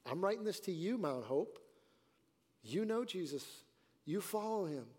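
A man's voice: high-pitched, lively intonation, normal speed, a little mellow. A man preaching a sermon as pastor, earnest, with rising and falling emphasis. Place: church sanctuary. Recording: church hall reverb.

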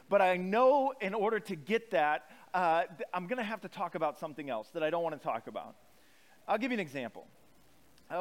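A male pastor, giving a casual, conversational sermon full of self-deprecating anecdotes. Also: fairly high pitch.

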